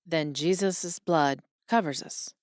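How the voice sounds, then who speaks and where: A woman voicing a male pastor who speaks calmly and patiently, guiding a dying man. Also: low voice, takes it slowly, no room sound, clean studio sound. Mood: gentle. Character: calm gentle male pastor.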